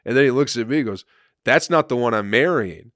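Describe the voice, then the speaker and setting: A man's voice: medium pitch, animated, a little fast, fairly bright tone, no echo, studio quality. A man, a comedian and podcast host, telling a rambling, profane story in casual chat with frequent laughter.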